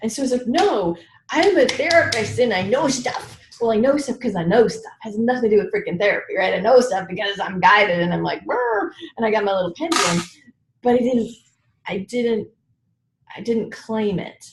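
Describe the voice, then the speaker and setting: A woman coach, a guest expert in an interview, telling her story in an animated way with laughs. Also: mid-range voice, a little fast, echoey room, slight background noise. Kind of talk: conversational interview.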